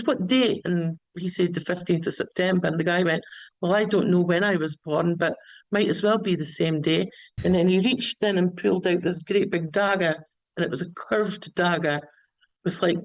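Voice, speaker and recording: Caller, rambling storyteller, stumbles and restarts, dry close sound, middle pitch. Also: moderate pace, no room sound, low-quality recording. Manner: many restarts and repeated words.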